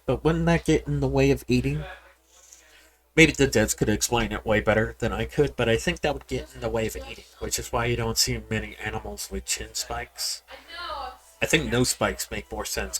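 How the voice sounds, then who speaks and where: A man giving casual, rambling commentary while playing a game, often repeating words and talking straight to his viewers. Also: mid-range voice. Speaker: game streamer. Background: people yelling in the background.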